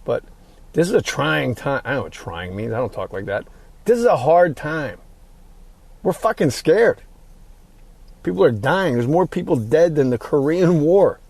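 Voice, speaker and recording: A man's voice: medium pitch, darkish tone. A middle-aged man hosting his podcast alone, rambling and ad-libbing in a profane, casual monologue. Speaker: podcast host.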